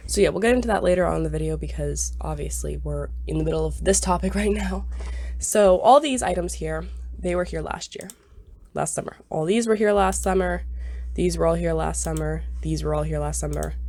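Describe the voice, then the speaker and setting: Stuffy young woman w a sinus cold, low-ish gravelly voice, rambly game commentary, repeats herself a lot. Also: darkish tone. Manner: rambling, repetitive, hedging with "I believe". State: stuffy, scratchy voice from a sinus illness. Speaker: gaming YouTuber. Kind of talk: casual screen-recorded commentary.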